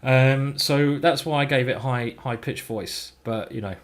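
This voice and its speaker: Male chess streamer, chatty self-talk, mid pitch, a little sweary. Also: measured pace. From England. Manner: chatty, thinking aloud, mildly sweary. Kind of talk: live game commentary.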